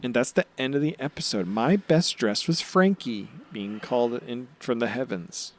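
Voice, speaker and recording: On a laid-back podcast, a co-host with a mid-range voice excitedly runs through anime episodes, cursing freely and rattling off characters' lines in rapid impressions.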